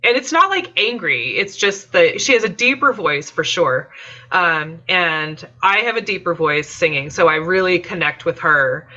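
A woman's voice: on the low side, lively intonation, unhurried, sharp tone, highs cut off. A woman chatting casually on a podcast, talking with lots of fillers and laughing often. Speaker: podcast guest.

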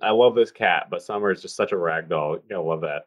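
Low voiced guy rambling on a podcast, lots of ums, dry close sound. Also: fast, no room sound, dull audio. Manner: rambling, swears freely, many ums. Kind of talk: casual chat.

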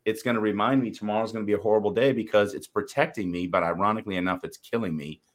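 A man's voice: on the low side, steady tone, very fast. A man co-hosting a podcast as a coach, talking emphatically and preachily with casual swearing.

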